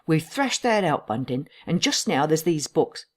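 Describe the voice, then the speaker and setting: A woman's voice: deep voice, big pitch swings, measured pace, a little mellow, exaggerated voice. A woman voicing a nervous, fussy male village doctor in an audiobook. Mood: fretful.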